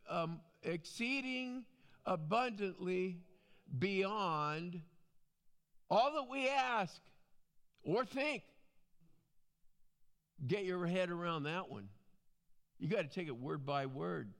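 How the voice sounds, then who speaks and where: A man's voice: high-pitched, fairly bright tone. A man teaching from the Bible in a conversational preaching style, with frequent asides.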